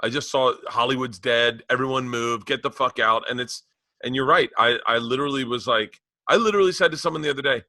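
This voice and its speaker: A man's voice: mid-range voice, a little fast, no echo, studio quality. A middle-aged man, a comedian and podcast co-host, telling stories in loose, profane chat and acting out the quotes. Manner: animated, profane storyteller who acts out quotes. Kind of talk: casual chat.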